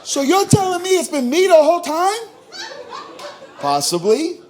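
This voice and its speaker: A male stand-up comedian from New York performing a profane set on a small bar stage, ranting and swinging from low asides to loud outbursts. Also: huge pitch swings, measured pace, background noise.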